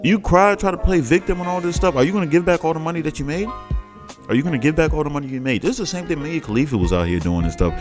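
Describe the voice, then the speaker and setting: A man's voice: on the high side, animated, very fast, over music. A man hosting a reaction video, talking in a mocking, sing-song way with stammering restarts. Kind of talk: casual mocking commentary.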